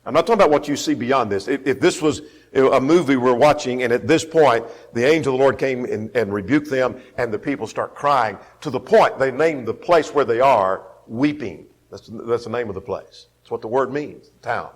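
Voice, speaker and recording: A man's voice: mid-range voice, normal speed. A man teaching a Bible class, emphatic, repeating key phrases and putting questions to the class.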